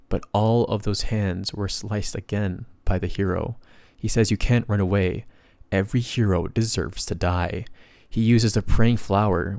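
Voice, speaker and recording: A man's voice: fairly low pitch, a little mellow, dry recording. A man narrating a comic story recap in a casual, plain retelling style with bits of slang.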